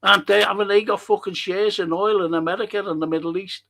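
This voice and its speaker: Fast and sharp-toned, with vocal fry, this man's high voice stays steady as he hosts a livestream podcast. He reads out chat comments, rants heatedly, swears constantly, and keeps posing rhetorical questions.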